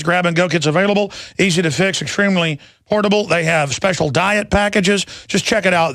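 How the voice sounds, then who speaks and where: A man's voice: on the high side, gravelly, a bit bright, no echo. A man hosting a talk radio show, ranting and sarcastic as he reads headlines, plugs sponsors and takes calls on a studio mic.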